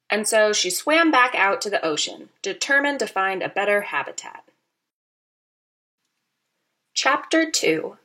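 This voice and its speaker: A woman narrating a children's storybook aloud, expressive and playful, with teacherly asides to young listeners. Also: medium pitch, measured pace, pauses often.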